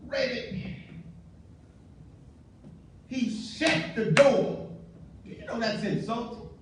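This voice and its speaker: A pastor preaching a sermon that swells into a sung, chanting delivery. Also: male voice, very high voice, slow pace, noisy background. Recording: very echoey church from a distance with faint music.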